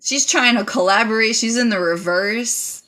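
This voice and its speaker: A woman's voice: fairly high pitch, normal speed, pushed and bright. A woman streaming a live tarot reading, chatting casually and dramatically, pouring thanks on her viewers. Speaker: livestream tarot reader.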